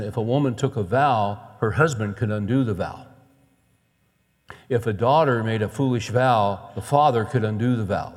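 A man's voice: on the low side, a little mellow. A man preaching a sermon as a pastor, earnest and conversational, telling stories and asking rhetorical questions. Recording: long hall reverb.

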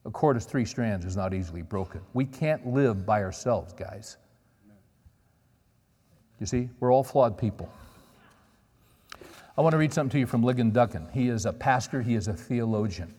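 A man's voice: medium pitch, normal speed, pauses often, dark tone. A middle-aged man preaching a sermon, telling stories in a conversational way and checking in with the audience. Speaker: pastor. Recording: long reverb of a large hall.

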